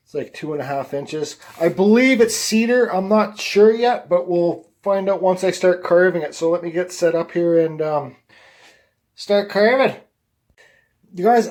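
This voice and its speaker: A middle-aged man with a rather high-pitched voice talks straight to his viewers. His telling is loose and conversational, full of restarts and repeated phrases. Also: darkish tone. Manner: rambling, conversational, repeats words while telling a story. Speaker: woodcarving vlogger. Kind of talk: casual talk to camera, personal storytelling.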